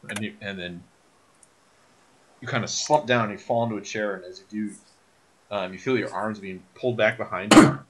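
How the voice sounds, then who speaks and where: A man running a tabletop game as game master, narrating scenes with frequent ums and pauses. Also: on the low side, husky. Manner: hesitant, many ums while describing scenes.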